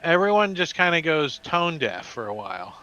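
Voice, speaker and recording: A man narrating as dungeon master, animated and throwing in sound effects. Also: a little high, normal speed, lo-fi sound, a little hiss or hum. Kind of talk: narrating a tabletop game.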